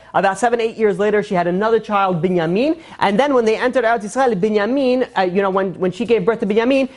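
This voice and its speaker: Rambling casual Torah teacher. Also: medium pitch. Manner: rambling, with many fillers and joking asides. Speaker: religious teacher.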